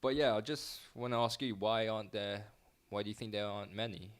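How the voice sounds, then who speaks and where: Low-voiced rambling podcast host. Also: male voice, steady tone, fairly quick. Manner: rambling, hesitant, lots of fillers. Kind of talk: casual chat.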